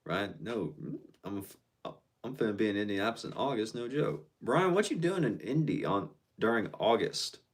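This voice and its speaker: A man's voice: fairly low pitch, animated, normal speed. A man casually chatting on a live stream, reading out viewer comments and answering them in a laid-back, slangy way.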